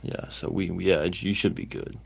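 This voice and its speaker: A man's voice: sits low, fairly even intonation, moderate pace, creaky, husky. A middle-aged man, hosting a casual livestream and telling a rambling story full of fillers and restarts. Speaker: livestream host.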